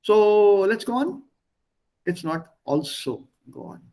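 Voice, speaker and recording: A man teaching a language lesson online, explaining word pairs patiently with pauses. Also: high voice, lively intonation, dark tone, poor audio.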